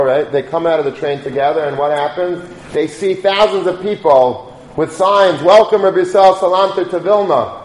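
A man's voice: on the high side, darkish tone, slight background noise. A man giving a sermon, conversationally telling a story with quoted voices. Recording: echoey room.

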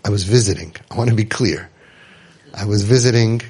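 An inspirational speaker with a fairly low, husky, darkish voice talks a little fast to his audience. He tells joking stories and acts out the people he quotes.

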